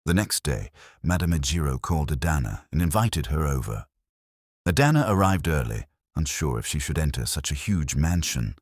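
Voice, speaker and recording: Deep, husky male storyteller. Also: very animated, moderate pace, no echo, studio quality. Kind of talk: scripted narration.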